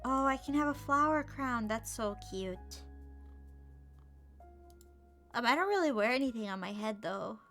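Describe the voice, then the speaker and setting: Cutesy lady gaming streamer, kinda high voice, gushes at everything, mutters and whispers sometimes. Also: lively intonation, moderate pace. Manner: playful, gushing, cutesy; slips into soft whispers and mutters. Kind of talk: casual gameplay commentary. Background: game music.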